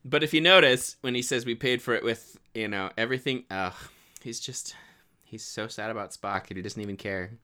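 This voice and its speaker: A man's voice: medium pitch, brisk, bright, forceful tone. A man co-hosting a casual film-review podcast, enthusiastic and laughing often. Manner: enthusiastic, laughs often, acts out quoted lines. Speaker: podcast co-host.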